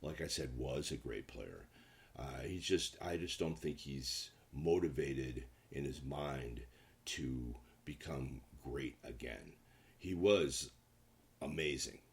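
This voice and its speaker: A man's voice: very deep voice, expressive, slow pace. A man hosting a casual solo sports commentary show, rambling and repeating himself as he talks straight to his viewers.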